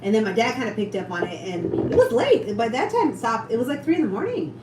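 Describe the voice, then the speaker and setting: A young woman chatting quickly, cutting in on her friend's story. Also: on the high side, big pitch swings. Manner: quick, chatty, talks over her partner. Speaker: co-host. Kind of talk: casual storytelling chat. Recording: echoey room, off-mic, background noise.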